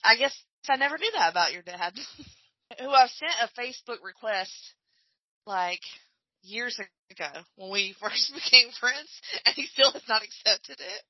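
A woman's voice: fairly high pitch, lively intonation, normal speed, breathy edge, no echo, muffled recording. A woman hosting a podcast in casual chat, joking and laughing easily. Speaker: podcast host.

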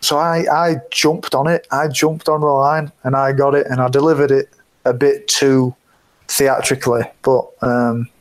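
A man's voice: medium pitch, flat delivery, normal speed, poor audio. A man, a guest telling rambling anecdotes with many fillers and frequent laughter. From England. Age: 20s. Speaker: guest rugby player.

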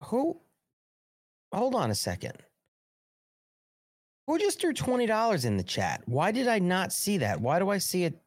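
A man's voice: high-pitched, huge pitch swings, a little slow, pauses often, dry recording, clean studio sound. An American man hosting a live stream, reading news aloud, breaking off to chat and thank viewers, rambling and profane. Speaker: live show host. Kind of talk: casual live-stream commentary.

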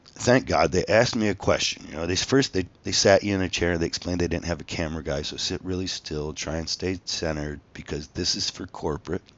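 A man, a tattoo artist, telling a profane, animated story about his past in a casual monologue. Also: low voice, fairly quick, dull audio. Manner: profane, animated, reenacts his own outbursts. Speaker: tattoo artist and former reality show contestant.

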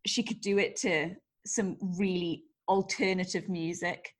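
A woman's voice: fairly low pitch, measured pace. A woman co-hosting a podcast, chatting and passing on listener messages. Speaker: podcast co-host. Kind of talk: casual chat.

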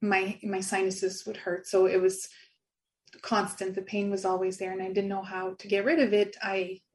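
A woman's voice: mid-range voice, little pitch movement, normal speed. Woman telling a personal story. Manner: earnest storytelling with frequent laughs. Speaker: guest.

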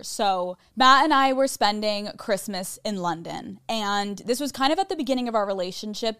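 A woman's voice: mid-range voice, a bit bright, clean tone, dry recording, clean studio sound. A woman hosting a solo podcast, telling a personal story in a casual, candid and profane way, full of chatty fillers. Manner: candid, profane, self-mocking. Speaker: podcast host.

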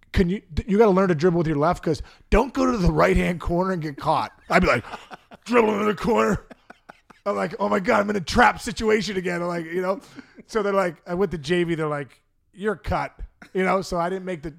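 A middle-aged man from the Pittsburgh area telling comic stories on a podcast, acting out quotes with shouts and laughs. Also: high voice, quick pace, vocal fry, dry recording, clean studio sound. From Pittsburgh area, USA. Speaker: podcast guest. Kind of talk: comic storytelling.

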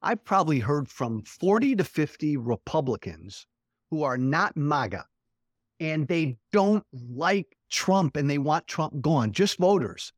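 A man's voice: fairly high pitch, sing-song, measured pace, no echo, clean studio sound. A man speaking as a guest in a casual political chat, blunt and profane, laughing often.

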